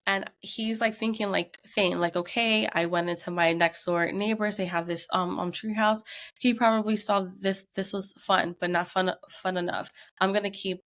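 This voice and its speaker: Thirty-something mom on a podcast, storytelling fast and lively, acting out everyone's lines. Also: female voice, mid-range voice. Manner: animated retelling with acted quotes. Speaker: podcast co-host. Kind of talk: casual storytelling chat.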